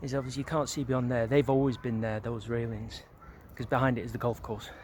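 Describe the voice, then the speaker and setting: A man's voice: medium pitch, little pitch movement, fairly quick, slight background noise. Rambling middle-aged man outdoors. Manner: rambling, loose, full of "kind of, sort of, like", swears freely. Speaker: vlogger. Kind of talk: casual walking reminiscence. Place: outdoors walking around a residential neighbourhood.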